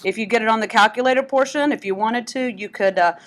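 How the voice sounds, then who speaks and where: A woman's voice: a little high, fast talker. A woman math teacher explaining step by step, with joking asides. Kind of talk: classroom lesson.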